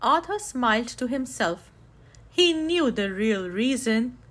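A woman reading a children's book aloud, bringing the characters' lines to life with excitement. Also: on the high side, slow. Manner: lively, voices characters' lines with raised excitement. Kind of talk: read-aloud storytelling.

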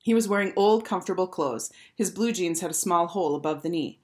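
A woman teacher reading a children's chapter book aloud with clear, expressive storytelling. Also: lowish voice, a little fast.

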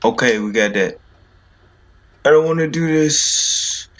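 A man's voice: mid-range voice, measured pace, fairly bright tone. A man giving casual let's-play commentary on a horror game, jittery and repeating himself over and over. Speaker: gaming video creator.

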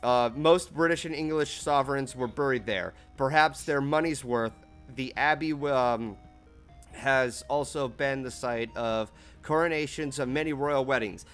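A man's voice: medium pitch, a little slow, a bit bright, clear, resonant tone, soft background music. A man streaming a game with friends, reading on-screen text aloud between laughs and curses. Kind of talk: casual game-stream chat.

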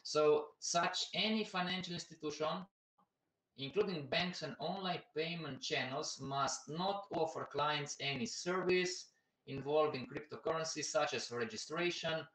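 A man's voice: a little high, a little slow, fairly bright tone, reverberant, far from the mic, poor audio. A man hosting a casual live stream about investing, chatty and repetitive, who keeps calling out to everybody watching.

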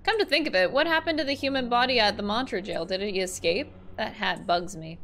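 A young adult woman giving casual, excitable, sweary gameplay commentary as a streamer. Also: mid-range voice, a little fast, slight background noise. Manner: excitable and sweary, laughing often and switching between voices. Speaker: gaming streamer.

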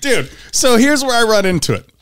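Animated, high-voiced man telling a story. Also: fairly quick, a crowd in the background. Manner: profane, animated storyteller acting out friends' lines. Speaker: podcast co-host. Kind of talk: casual storytelling chat.

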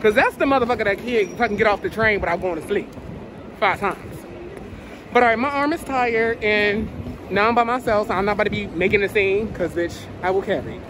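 A man's voice: high-pitched, a little fast, noisy background. A man vlogging casually to a handheld camera at a train station, sassy, playful and full of swearing. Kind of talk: casual vlog chat to camera.

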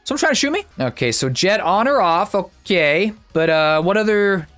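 A man giving casual, excitable gameplay commentary as a YouTuber, chatty and thinking out loud. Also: high voice, normal speed, soft background music.

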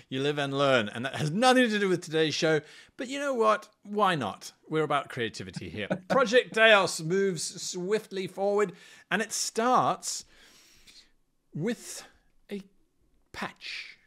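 A male host of a live stream, talking casually to his viewers. His voice is bright and sits a little high. His delivery is very animated, rising and falling a lot in pitch. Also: measured pace. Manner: chatty, animated, swings between loud and quiet. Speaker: livestream host.

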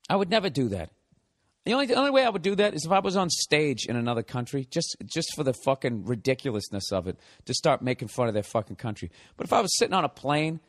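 A man hosting a podcast, telling a story in a profane, animated comedic rant. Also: lowish voice. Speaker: podcast host.

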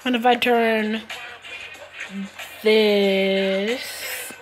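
Over music, a woman speaks very slowly in a steady, rather high voice while playing a mobile game, teasing her rivals and laughing at them in good fun. The audio comes from a phone screen recorder.

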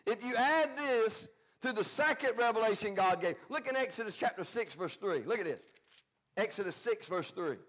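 Preaching a Bible study sermon at normal speed, this man's voice sits high and sounds animated. He keeps it folksy and plain-spoken, alternating loud, forceful outbursts with soft asides.

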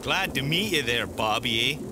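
An actor voicing a friendly, chatty Canadian camper with a Canadian accent and a folksy drawl, tacking "eh" onto everything. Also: male voice, medium pitch, expressive, normal speed, noisy background, lightly acted. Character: jolly Canadian camper man, chatty backwoods brother.

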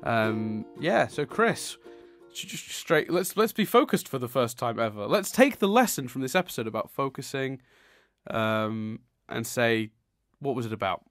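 A man's voice: medium pitch, big pitch swings, normal speed, fairly bright tone, dry recording, faint music behind. A man hosting a casual podcast, arguing his point eagerly and repeating words as he builds it. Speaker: podcast host.

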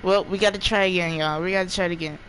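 A gaming streamer giving live commentary while playing, jumpy, often yelling and laughing and talking to the chat. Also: mid-range voice, fairly even intonation, rapid-fire, a little hiss or hum, rough recording.

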